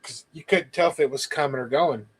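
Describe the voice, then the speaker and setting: A man's voice: on the high side, brisk, husky, rough recording. A man telling a story in a casual chat, animatedly acting out what others said. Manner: animated, quoting others in lively bursts. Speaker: guest.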